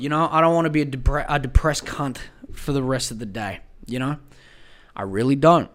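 A man's voice: mid-range voice, moderate pace. A young Australian man hosting a podcast, ranting in a casual, profane and exasperated way, often repeating himself. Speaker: podcast host.

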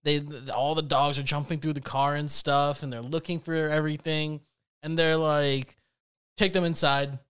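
A man's voice: on the high side, flat delivery, moderate pace, a bit bright, smooth. A young man casually telling a rambling story on a podcast, full of fillers and laughs. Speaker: podcast co-host.

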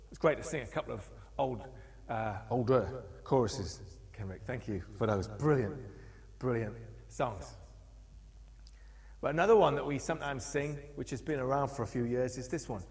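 Male preacher, middle pitch, animated storyteller, long reverberant church sound. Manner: animated storytelling, acting out quoted voices. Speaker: pastor. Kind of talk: sermon. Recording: long echo of a church hall.

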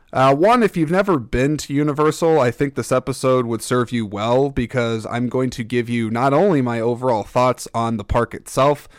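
A man's voice: mid-range voice, no echo, clean studio sound. A man hosting his own podcast in a casual, rambling, self-deprecating way, often stammering and restarting his sentences. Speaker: podcast host. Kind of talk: casual solo podcast monologue.

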